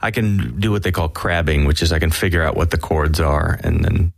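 Low, gravelly man with a raspy voice. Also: fairly even intonation, brisk, no echo. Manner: laid-back and joking, with many fillers. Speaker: guest voice actor and musician. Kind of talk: casual interview.

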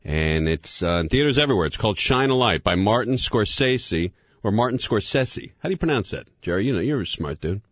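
Picture a man hosting a call-in radio game, his voice lower than most and swinging through a wide, animated range. He sounds casual and jokey and keeps calling his callers dude. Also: fast, hardly any pauses, no room sound. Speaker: radio show host.

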